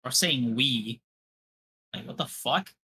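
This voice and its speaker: This young man co-hosts a podcast, and his voice is medium-pitched, slow, pushed and bright, with a husky edge. He chats casually with viewers on a livestream, trading brash, profane trash talk.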